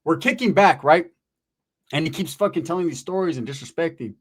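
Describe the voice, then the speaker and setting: A man's voice: fairly high pitch, a little fast. A man telling a story in casual, profane street slang, constantly checking in with "right?".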